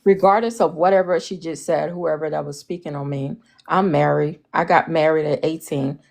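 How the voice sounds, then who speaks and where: A woman in her forties with a Liberian accent, speaking as a panelist and defending herself in a forceful, lecturing way. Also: low voice, steady tone, normal speed, gravelly. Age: 40s. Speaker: panelist on a live audio discussion. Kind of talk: heated discussion.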